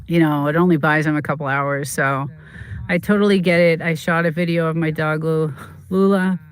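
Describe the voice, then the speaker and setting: Livestream host who chats casually, rambling and halting between fillers. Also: mid-range voice. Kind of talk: casual chat while streaming a game.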